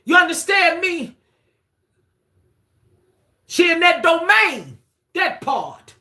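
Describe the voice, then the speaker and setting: A woman giving a casual spiritual reading on a live stream, excitable and repetitive, swearing freely. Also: very high voice, slow pace.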